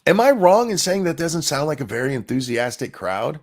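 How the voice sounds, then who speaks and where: A man's voice: a little high, very animated, fairly quick, heavy background noise. A man hosting a profane, sarcastic political commentary rant over video clips. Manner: sarcastic, profane, mocking mimicry.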